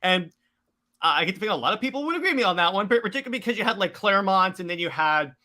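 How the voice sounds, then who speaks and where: A man's voice: high-pitched, expressive, racing, sharp tone. A young man co-hosting a casual movie review podcast, talking with enthusiasm and often restarting his sentences. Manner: enthusiastic, rambling with many restarts. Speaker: podcast co-host.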